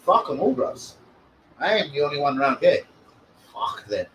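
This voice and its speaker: A man's voice: a little high, very animated, moderate pace, fairly bright tone, low-quality recording. A man hosting a live stream, trash-talking in a brash, profane way. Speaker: host of a fan channel. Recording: faint background noise.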